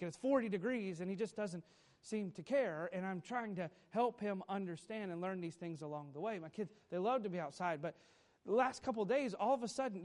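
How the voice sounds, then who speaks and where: A man in his thirties preaching a sermon as pastor, telling family stories with sudden emphatic bursts. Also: high-pitched.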